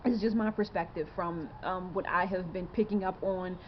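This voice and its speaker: A vlogger in her twenties talks straight to camera in a rambling, earnest monologue full of fillers and rhetorical questions. Her voice is fairly low and steady at a moderate pace, with the highs cut off and crowd noise behind her.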